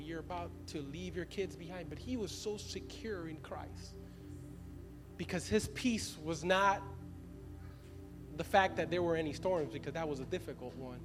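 A man in his thirties preaching a sermon as a pastor, conversational and laughing often as he speaks to the congregation. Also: high-pitched. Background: music.

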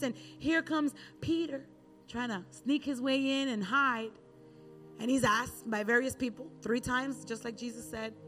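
A woman with a bright, high voice delivers a sermon as a relaxed, chatty story. A faint bed of music runs quietly underneath. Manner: conversational storytelling with acted Bible quotes. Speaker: preacher.

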